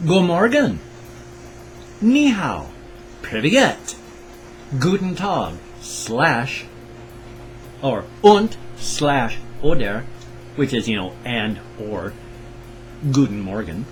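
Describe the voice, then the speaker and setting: A man's voice: mid-range voice, big pitch swings, very slow, pauses often, faint music behind, low-quality recording. An older man from the Pacific Northwest with its accent, chatting in a rambling, self-correcting way in a casual solo vlog. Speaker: vlogger.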